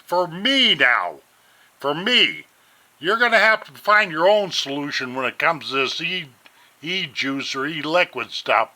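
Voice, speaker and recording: A man from Montana, rambling folksily through a casual product review at home on a webcam. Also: sits high. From Montana, USA. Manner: folksy, rambling, addresses viewers as ladies and gentlemen. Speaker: vlogger reviewing vape gear.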